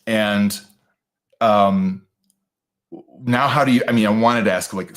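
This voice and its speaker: A man telling a personal story in a reflective monologue, with many pauses, fillers and restarts. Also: on the low side, a bit bright. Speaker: astrologer host.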